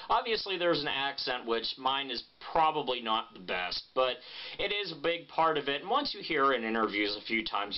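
A man vlogging casually, joking and blunt, swearing freely as he talks. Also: medium pitch. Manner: animated, joking, blunt and profane. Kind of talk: casual vlog talk. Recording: muffled lo-fi sound.

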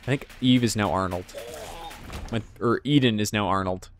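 A man's voice: lowish voice, normal speed, soft background music. A man giving casual, rambling gameplay commentary, joking at his own expense and making sound effects. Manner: rambling, self-mocking, sound effects and joke impressions. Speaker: let's play commentator.

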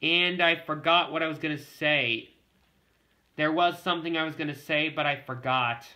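A man's voice: fairly high pitch, moderate pace, pushed and bright. A male vlogger talking casually to the camera, rambling and repeating himself as he keeps addressing his viewers.

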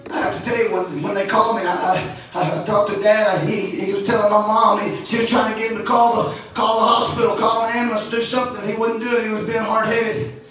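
A Texan man preaching a fiery sermon, swinging between shouts and low asides and stumbling over restarts. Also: little pitch movement, fairly quick, faint music behind. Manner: shouting, rising and falling, stammered restarts. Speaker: pastor. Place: large church sanctuary. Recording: echoey, distant hall mic.

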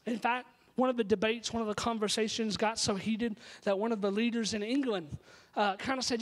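Male pastor with a high voice, emphatic storytelling sermon in a church sanctuary. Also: fairly even intonation, brisk.

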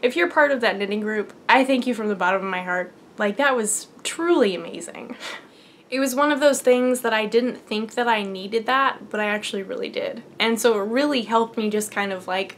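A woman's voice: a little high, moderate pace, fairly bright tone, slight background noise. A young adult woman hosting a knitting podcast, telling a long personal story in a rambly, earnest way with many fillers. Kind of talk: casual storytelling.

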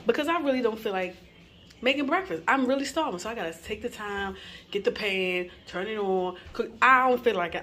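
A woman's voice: on the low side, fairly bright tone. A woman in her forties, a mother of two, casually chatting to her viewers in a home vlog, easygoing and full of y'alls and ums.

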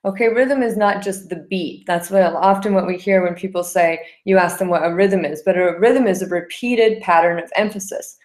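A woman lecturing a class on dance in a fairly low voice. She explains definitions step by step, checks in with "okay?" and counts beats aloud to show a rhythm. It sounds like a classroom talk. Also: moderate pace, few pauses, darkish tone. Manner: explanatory, frequent "okay?" and "um" fillers. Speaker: dance instructor.

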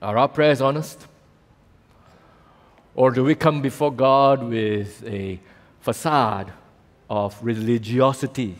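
A man with a Malaysian English accent preaching a sermon as pastor, telling the story with animated acted-out voices. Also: medium pitch, takes it slowly, long pauses. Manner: animated storytelling, acting out voices in quoted lines. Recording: long reverb of a church hall.

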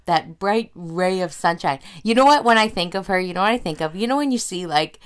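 Chatty Canadian woman, smooth lowish voice. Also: expressive, a little fast. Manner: chatty, rambling, laughs easily. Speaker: podcast co-host. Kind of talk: casual chat.

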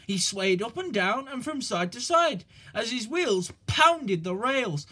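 Slow, expressive male storyteller. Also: high-pitched, husky. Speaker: narrator. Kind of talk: storybook narration.

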